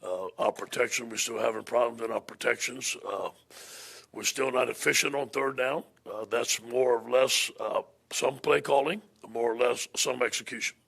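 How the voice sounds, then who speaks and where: A man's voice: mid-range voice, normal speed, creaky, fairly bright tone, breathy edge. A man speaking as a head football coach at a press conference, plain-spoken, often repeating and restarting his words.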